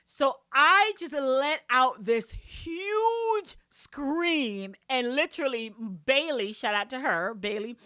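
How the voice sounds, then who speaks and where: Woman, podcast host, from another country, excitable, laughing, high bursts, grateful, dry close sound. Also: slow, few pauses, no echo. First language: another language. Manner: excitable, laughing, voice climbing high when thrilled; faith-filled, grateful, repetitive phrasing. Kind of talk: emotional personal podcast talk.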